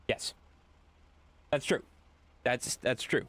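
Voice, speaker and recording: A man's voice: lowish voice, brisk, fairly bright tone. A young man, a game streamer casually chatting with his viewers from home and answering the chat as he plays. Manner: reads chat aloud and answers it, joking and repeating himself. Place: home room with a green screen.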